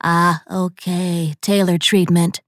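Big curt receptionist woman, brisk, businesslike, lowish dry voice, from a woman narrator. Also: level tone, dry recording. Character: large wheezing clinic receptionist woman, curt.

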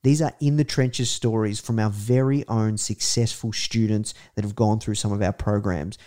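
A man hosting an interview podcast, reading a promo and asking questions in an upbeat way. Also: moderate pace. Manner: upbeat, energetic pitch. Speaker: podcast host.

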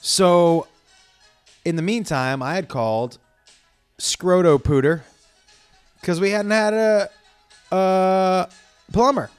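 A man's voice: high-pitched, slow pace, pauses often, clear, resonant tone, soft background music. A man telling a long, angry story in a casual, profane way, acting out the people he quotes.

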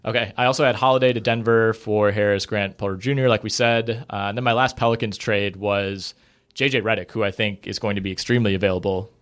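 A man's voice: on the low side, fairly even intonation, quick pace, fairly bright tone. A man co-hosting a podcast, talking through basketball trades in a casual, conversational way with lots of fillers. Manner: conversational, hedging with many fillers. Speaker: podcast co-host.

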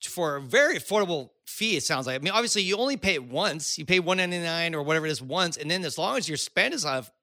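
A man hosting a casual industry podcast chat, upbeat and chatty with quick asides. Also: a little high, lively intonation, pushed and bright, dry recording, clean studio sound. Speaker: podcast host.

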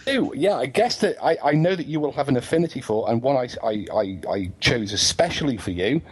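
A man's voice: medium pitch, expressive, a little fast, breathy edge. A male podcast host from England, chatting casually and teasing his co-host and guest with dry humor. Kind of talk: casual chat.

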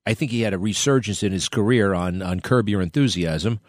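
Low-voiced, chatty podcast host, dry sound. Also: male voice, brisk, no room sound. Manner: rambling, chatty, asides and laughs. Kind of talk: casual monologue.

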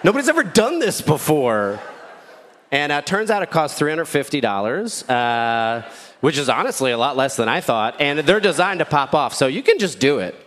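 A man's voice: lively intonation, moderate pace. A man in his thirties telling a rambling, self-deprecating stand-up story as a new dad. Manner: rambling, self-deprecating, with squeaky shouted quotes. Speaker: stand-up comedian. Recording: echoey hall with faint ambience.

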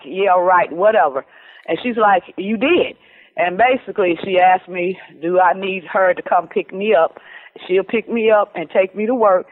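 A middle-aged woman telling her own story in casual talk, lively and acting out what people said, with plenty of "you know" and "um". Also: mid-range voice. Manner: lively, acts out quoted dialogue, many fillers. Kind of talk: casual storytelling over the phone. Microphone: telephone. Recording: tinny phone line.

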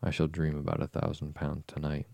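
A man voicing a polite but impatient young girl in a slow, soft bedtime storybook reading. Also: extremely low pitch, completely flat delivery, gravelly, no room sound, heavily acted.

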